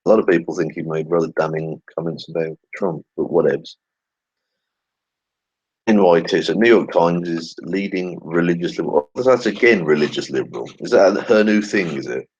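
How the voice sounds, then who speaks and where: A man's voice: deep voice, moderate pace, a little mellow, husky, dry recording, highs cut off. A man hosting a casual commentary video, reading tweets aloud with sarcastic, swearing asides and muttered remarks. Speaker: channel host.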